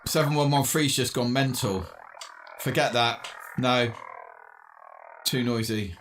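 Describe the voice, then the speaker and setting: An English man making amateur radio contacts from his home station, his voice sitting at an ordinary middle pitch. He chats in a friendly way and mutters to himself while he tunes, with a faint hiss in the background. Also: slow pace, fairly bright tone. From England. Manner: chatty, friendly, talks to himself between contacts. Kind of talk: casual on-air radio chat.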